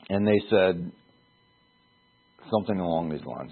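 Male preacher, low husky voice, slow and earnest, heard over a thin phone-like line. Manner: earnest, halting, repeats words for emphasis. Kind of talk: sermon. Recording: tinny phone-like sound.

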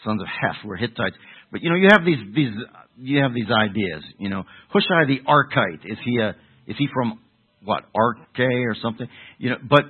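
A low-voiced man from preaches a sermon at an unhurried pace, circling back and restarting his thoughts. His voice is husky and slightly low. The sound is narrow and tinny, as if heard over a phone. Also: expressive. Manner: rambling, restarts, rhetorical questions to the congregation.

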